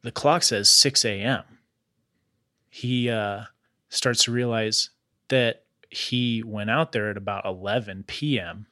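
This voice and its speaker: A man with a bright, forceful voice recounts a strange tale in a casual podcast chat. He uses loose slang like "bro" and "dude" and keeps an easy conversational flow. The sound is close and dry. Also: fairly low pitch, takes it slowly, dry recording. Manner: relaxed retelling with slangy asides like "bro" and "dude". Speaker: podcast host.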